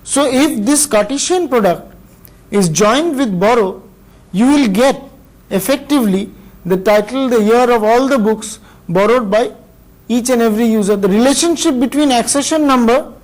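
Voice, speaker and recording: Higher-pitched Indian-accented male lecturer. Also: rough recording. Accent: Indian English. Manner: measured, explanatory, pauses between phrases. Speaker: university lecturer. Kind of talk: recorded classroom lecture.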